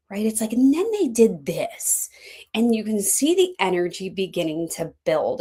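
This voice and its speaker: A middle-aged woman coach teaching a class in a chatty, animated way, often acting out what her clients say. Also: lowish voice. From Philadelphia. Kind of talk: teaching an online class, conversational.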